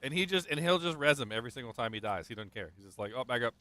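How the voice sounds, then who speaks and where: A man's voice: medium pitch, expressive, rapid-fire. A man streaming a video game, telling rambling stories in casual chat with lots of fillers. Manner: rambling storyteller, many fillers, loud acted quotes.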